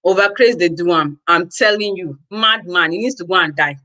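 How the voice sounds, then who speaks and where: A woman's voice: lowish voice, normal speed, pushed and bright, poor audio. A Nigerian woman vlogging to her viewers, ranting in an exasperated, exclamatory way, with lots of repetition. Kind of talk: casual ranting commentary to viewers.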